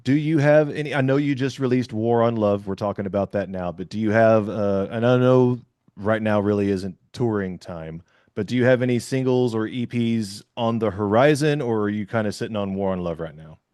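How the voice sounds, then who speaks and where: A man runs a relaxed interview. He talks in a chatty, rambling way, full of fillers and restarts. The recording is dry and close. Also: fairly low pitch, normal speed, dry recording. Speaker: podcast interviewer. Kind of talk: casual interview chat.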